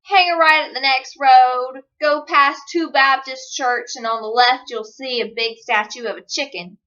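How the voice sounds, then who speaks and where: A woman's voice: high voice, fairly even intonation, a little slow, pushed and bright. A young woman, chatting sarcastically as she tells stories to the camera. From Georgia, USA. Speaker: vlogger. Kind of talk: casual chat. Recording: dull lo-fi recording.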